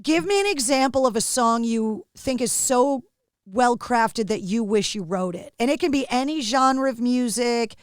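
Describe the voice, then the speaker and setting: A woman's voice: on the high side, expressive, normal speed, clear, resonant tone, no echo, studio quality. A woman hosting a podcast interview, asking upbeat, teasing questions. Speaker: podcast host. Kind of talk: casual interview chat.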